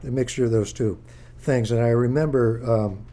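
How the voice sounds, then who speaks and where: Mellow-voiced man reading his book aloud. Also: medium pitch, steady tone. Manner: halting, thinking aloud, restarts. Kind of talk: informal book reading with asides.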